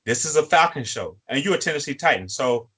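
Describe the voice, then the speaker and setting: A man's voice: medium pitch, expressive, fairly quick, a bit bright, slightly rough. A man co-hosting a sports fan show, lecturing a player in a repetitive, preachy way. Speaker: co-host. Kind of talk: fan sports podcast talk.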